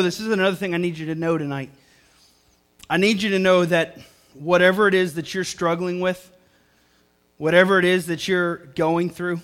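A young male pastor preaches to a congregation in a church with a rather high voice. He speaks earnestly and comes back to the same phrases again and again to drive each point home. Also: a bit bright. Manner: earnest, repeats phrases for emphasis, talks to the congregation. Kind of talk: sermon. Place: church service before a congregation.

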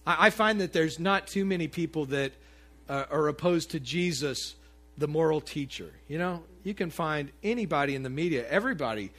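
A man preaches in a church sanctuary, easy and talkative, turning often to his congregation. His voice sits a little higher than most men's. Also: moderate pace. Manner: conversational, animated preaching with asides to the congregation. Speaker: pastor. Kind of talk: sermon.

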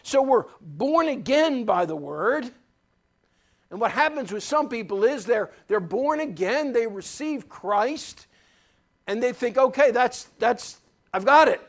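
A man's voice: extremely high pitch, big pitch swings, slow pace. A man preaching a sermon as pastor, emphatic and folksy, repeating key phrases and telling stories from his own life. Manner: folksy, tells personal anecdotes.

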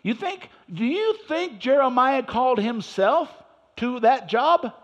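A man preaching a sermon in church, swinging between loud emphasis and quiet asides. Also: extremely high pitch, lively intonation, a little slow, highs cut off. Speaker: pastor.

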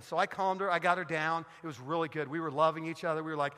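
A middle-aged man preaching in a church, telling funny stories in an animated, joking way. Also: a little high, fast, few pauses, big-room sound. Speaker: guest pastor. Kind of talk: sermon with storytelling. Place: church sanctuary.

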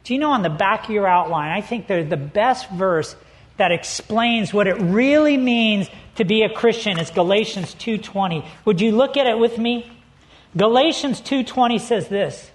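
Lively storytelling pastor, a man. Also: high voice, moderate pace. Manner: lively storyteller, acts out quotes, laughs easily. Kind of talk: sermon with a personal story.

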